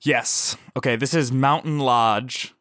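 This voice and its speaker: A man co-hosts a comedy podcast in relaxed, casual chat. He drops dry jokes and often restarts his sentences with a small stammer. His voice is mid-pitched for a man and recorded close on a podcast mic. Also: takes it slowly. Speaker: podcast co-host.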